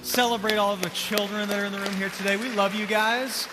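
A man preaching a sermon as pastor, casual and energetic, drawing responses from the congregation. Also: high-pitched, a little fast, noisy background. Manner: energetic, conversational, calls for crowd response. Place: large church auditorium. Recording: long church hall reverb.

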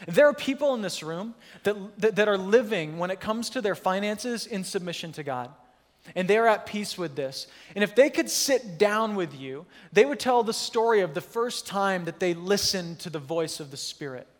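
A man in his thirties, a pastor telling a story in a lively, self-mocking sermon at church. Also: high voice, moderate pace. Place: church hall. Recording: long hall reverb.

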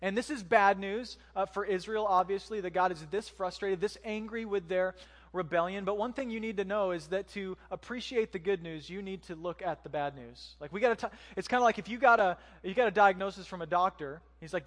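A man's voice: high voice, brisk, fairly bright tone, in a large hall. A man giving a conversational sermon as pastor, using joking asides and rhetorical questions.

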